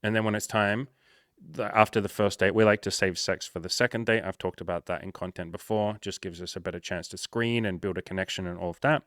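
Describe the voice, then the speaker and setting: Man, dating coach, casual frank monologue, swears freely, lowish voice, dry close sound. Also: steady tone, a little fast, a bit bright, dry recording.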